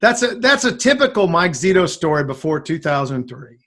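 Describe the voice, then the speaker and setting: In casual storytelling, this male guest musician rambles through a long tale, animatedly performing what others said. He talks at normal speed in a voice on the high side.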